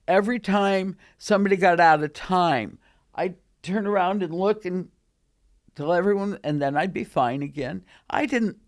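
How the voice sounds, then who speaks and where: An older woman in her eighties recalls her past in casual storytelling. She speaks in a lively, animated way. She is recorded in a studio. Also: lowish voice. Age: 80s. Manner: animated, acts out quoted voices. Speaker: guest recalling her career.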